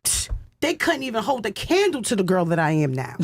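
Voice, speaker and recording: A woman's voice: medium pitch, huge pitch swings, a little fast, a little hiss or hum. A woman guest in a heated panel debate, making her point insistently and emphatically.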